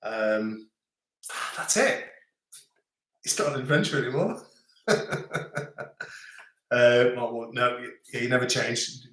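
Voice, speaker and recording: A man's voice: mid-range voice, expressive, unhurried, long pauses, fairly bright tone. A middle-aged man hosting a live stream, chatting casually and rambling as he reads out viewer comments. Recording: echoey room.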